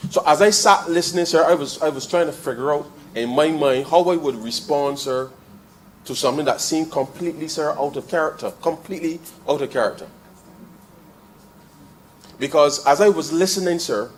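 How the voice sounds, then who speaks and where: Guy speaking in parliament, keeps saying sir, mid pitch, faint hum behind. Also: rough recording. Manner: addresses the chair with frequent "sir", builds to emphatic rises. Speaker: member of parliament. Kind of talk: parliamentary debate speech. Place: parliament chamber.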